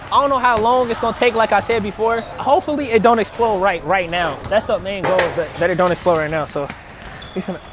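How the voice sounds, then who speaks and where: A man's voice: high-pitched, fast talker, background noise. A young man, vlogging a prank with nervous, joking, slangy chatter. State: out of breath at times. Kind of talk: casual vlog chat.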